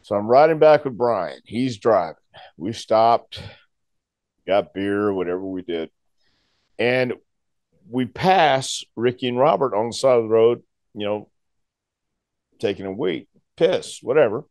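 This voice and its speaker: A former wrestler tells a story in casual conversation, his medium-pitched voice moving at a measured pace with long pauses. He's animated, laughs often and acts out the different voices. The recording is dry.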